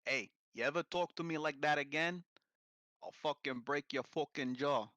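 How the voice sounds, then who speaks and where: A man's voice: a little high, normal speed, bright, forceful tone, no room sound. A man voicing a hot-headed male street tough who spits aggressive, sweary threats. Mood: menacing.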